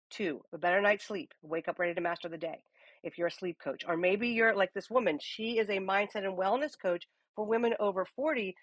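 Lively woman coaching an audio room. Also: medium pitch, no room sound. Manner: lively, uses many rhetorical "okay?" check-ins. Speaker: business coach hosting a live audio room. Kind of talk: live coaching talk. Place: live audio chat room.

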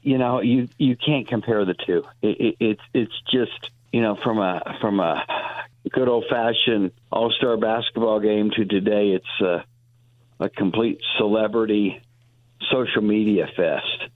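A man in his sixties, a deli owner calling in to a radio show, talking in a halting way with many restarts. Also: lowish voice, no room sound. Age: 60s. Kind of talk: casual radio interview on the phone. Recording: dry tinny phone line.

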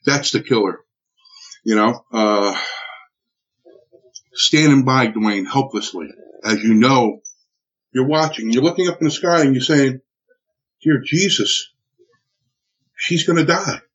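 A man recounting a personal ordeal in an interview, animated and full of restarts and acted-out quotes. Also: medium pitch, slow pace, long pauses, husky. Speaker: interviewee telling a personal story. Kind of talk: emotional spoken recollection. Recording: dull lo-fi recording.

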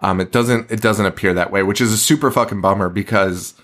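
A man's voice: lowish voice, a little fast. Laughing, profane podcast co-host man. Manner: laughing often, profane, animated retelling. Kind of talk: casual chat. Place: basement.

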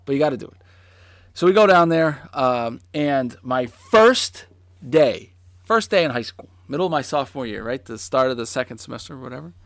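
A man in his forties telling a story in casual chat, animated, with lots of fillers and swearing. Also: medium pitch, normal speed, no room sound.

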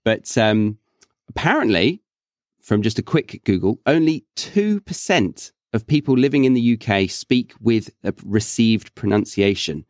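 A young man with a neutral Southern British accent, hosting a podcast and chatting in a relaxed, thoughtful way with some self-corrections. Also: fairly low pitch, a little slow, no echo, clean studio sound. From England. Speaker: podcast host. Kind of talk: casual chat.

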